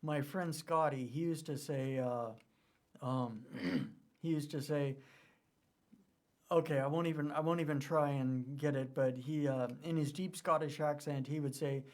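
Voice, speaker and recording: A man hosting a podcast, talking earnestly with many pauses and fillers. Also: on the high side, steady tone. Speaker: podcast host. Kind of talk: casual interview chat.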